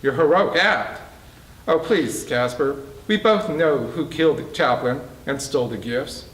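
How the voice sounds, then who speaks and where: A man's voice: fairly high pitch, a little slow, a bit bright. A man reading the part of a determined man who speaks in a tight, firm voice while holding his anger in check. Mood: tense. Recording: roomy, distant mic.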